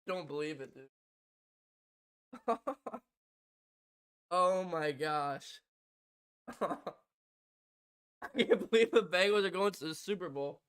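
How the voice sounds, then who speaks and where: A man doing live fan play-by-play on a stream. He swings from loud, shouted excitement to soft, stunned murmuring, with frequent laughter. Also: high-pitched, slow pace, long pauses, smooth. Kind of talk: live fan reaction commentary.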